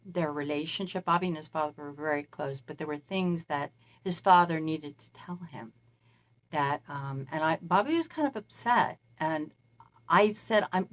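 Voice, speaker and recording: A woman with a deep, slightly bright voice describes herself as a spirit medium. She talks casually in a meandering monologue, recounting events at length.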